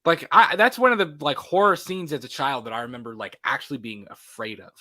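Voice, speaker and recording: A man's voice: medium pitch, fairly quick, sharp tone. A man hosting a movie podcast, talking casually and animatedly with many fillers and restarts. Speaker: podcast host.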